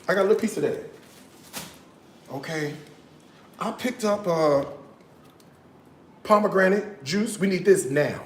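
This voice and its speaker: Chatty animated man in an echoey kitchen. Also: sits high, measured pace, pauses often, slight background noise. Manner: chatty and animated, talks straight to viewers with frequent asides; slips into hushed, half-sung tones now and then. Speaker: cooking livestream host. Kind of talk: casual chat while cooking on a livestream. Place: home kitchen.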